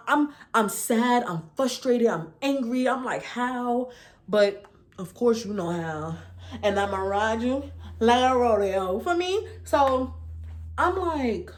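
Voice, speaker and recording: Brief: twenties woman, New York accent, vlog storytime, slangy and animated, voice sits a bit high. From New York City. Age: 20s. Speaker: vlogger. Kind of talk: casual storytime.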